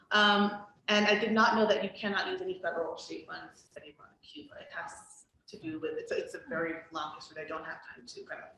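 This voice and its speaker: A woman's voice: fairly low pitch, little pitch movement, quick pace, bright, forceful tone. A woman academic guest speaker telling stories in a chatty way, with frequent ums and likes, and laughing easily. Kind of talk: conversational storytelling. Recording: roomy, distant mic with faint noise.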